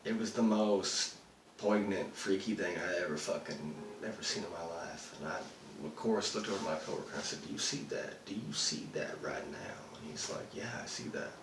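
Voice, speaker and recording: A man's voice: deep voice, normal speed, close to an everyday voice. Guy doing a spooked astronaut, rambly and swearing, echoey room, faint hiss. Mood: uneasy. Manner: rambling, profane, full of fillers. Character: rattled male astronaut recounting a UFO sighting. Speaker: actor performing a monologue. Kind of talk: dramatic monologue. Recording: roomy, distant mic, faint noise.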